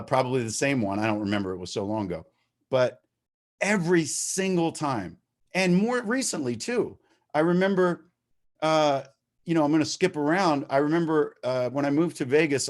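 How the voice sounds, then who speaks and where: A man's voice: fairly high pitch, expressive, moderate pace. A man telling his story at a recovery meeting over a video call, talking candidly, swearing freely and getting worked up as he goes. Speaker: recovering addict sharing at a meeting. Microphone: video-call microphone.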